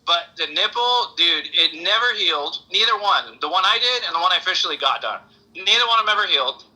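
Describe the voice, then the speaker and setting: A man with a somewhat high, husky voice that comes across sharp and tense. He tells crude stories in a loose, rambling way, stumbling over restarts as he goes. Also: expressive, quick pace, rough recording. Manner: profane, rambling anecdotes with restarts. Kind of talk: casual storytelling chat.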